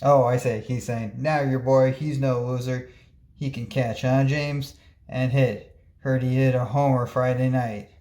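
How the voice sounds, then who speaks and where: A man reading a comic book aloud, giving the lines of every character in a plain, unhurried voice. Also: mid-range voice, steady tone, warm tone, reverberant. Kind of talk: reading a comic aloud, voicing all parts.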